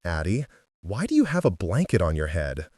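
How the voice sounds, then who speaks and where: A man voicing a gentle, encouraging teenage girl in an audiobook story. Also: sits low, huge pitch swings, normal speed, breathy edge, no room sound, clean studio sound, pitched below the performer's own voice, heavily acted. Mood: kind.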